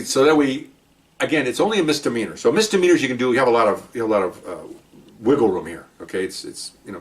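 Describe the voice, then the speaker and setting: Older man telling cop stories fast. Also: medium pitch, distant mic. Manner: animated, chuckling, talks in fits and starts. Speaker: retired police officer storyteller. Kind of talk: casual anecdote telling.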